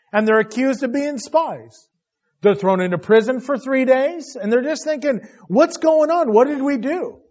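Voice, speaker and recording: A man's voice: sits high, a little mellow. A man preaching an expository sermon, reading scripture aloud and retelling it in a conversational way, building emphasis as he goes. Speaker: Bible teacher. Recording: dull lo-fi recording.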